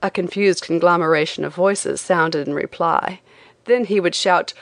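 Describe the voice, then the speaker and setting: A woman narrating a travel memoir as an audiobook, with an expressive reading. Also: on the low side, normal speed, no echo. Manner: expressive, lively delivery.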